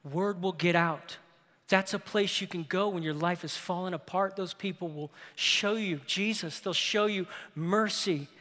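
Male pastor, bright forceful tone, dramatic sermon delivery in a big reverberant sanctuary. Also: high voice, a little slow. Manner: impassioned preaching, swinging from loud to hushed. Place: large church sanctuary. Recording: long reverb of a large hall.

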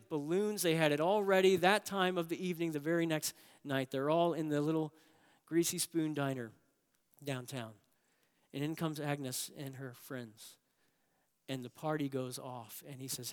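A middle-aged man preaching a sermon as pastor, telling stories and moving between hushed and emphatic delivery. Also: fairly high pitch. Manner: storytelling, swings from hushed to emphatic. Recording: long hall reverb.

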